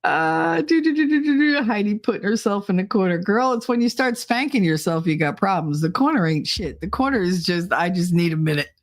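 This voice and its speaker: A woman's voice: mid-range voice, expressive, fairly quick, few pauses. A middle-aged woman hosting a live podcast stream, chatting casually with viewers, teasing and swearing, often laughing. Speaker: livestream podcast host.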